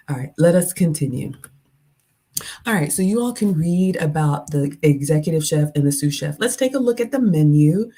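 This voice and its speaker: A chatty woman in her forties hosts a casual livestream, reading out viewer comments and laughing at herself between thoughts. Her speaking voice sits low for a woman. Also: warm tone. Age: 40s. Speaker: livestream host reviewing a restaurant.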